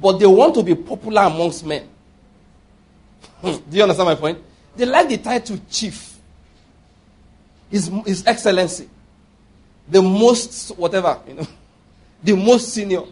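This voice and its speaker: A man's voice: high voice, lively intonation, unhurried, long pauses, a little mellow, breathy edge. A man preaching a sermon, emphatic and often asking his listeners rhetorical questions.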